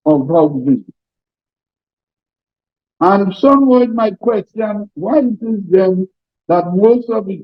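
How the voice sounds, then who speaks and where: A man's voice: high voice, no echo, lo-fi sound. An older man with a Trinidadian accent, a trade union president giving an emphatic, repetitive seminar speech full of folksy anecdotes.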